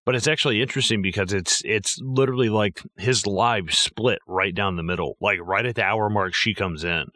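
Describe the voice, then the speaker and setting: Bright, lively man talking movies. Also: lowish voice, a little fast, no room sound, studio quality. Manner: animated, profane, acts out quotes. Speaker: podcast co-host. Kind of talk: casual movie discussion.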